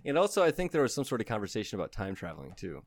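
A man's voice: lowish voice, huge pitch swings, racing, dry recording. A man co-hosting a casual comedy podcast, rambling and swearing as he works through an idea. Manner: rambling, profane, laughs often. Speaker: podcast co-host.

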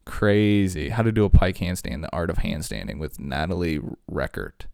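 A man's voice: sits low, animated, moderate pace, vocal fry, darkish tone, clean tone, dry recording, studio quality. A man talking casually, rambling through stories with lots of fillers and asides.

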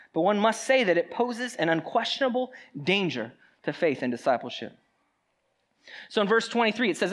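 A preacher delivering a sermon in an easy, talkative way, mixing plain teaching with joking asides. The voice rises and falls a great deal, lively and expressive throughout. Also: mid-range voice. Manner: conversational and animated, with joking asides. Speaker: pastor.

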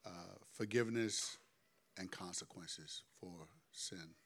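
Man, moderator, hesitant, low pitch, careful phrasing. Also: slow pace, gravelly, a bit bright. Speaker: question moderator.

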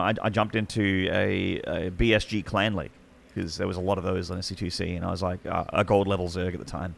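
A man's voice: low voice, creaky. A man in his thirties with an Australian accent, an esports commentator telling his story in a casual podcast chat, rambling with many restarts and fillers.

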